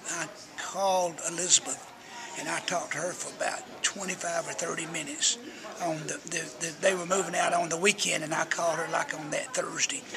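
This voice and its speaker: A man's voice: a little high, vocal fry. An older man, a radio personality telling rambling, folksy stories as an interview guest. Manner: folksy, chatty storyteller who acts out quotes.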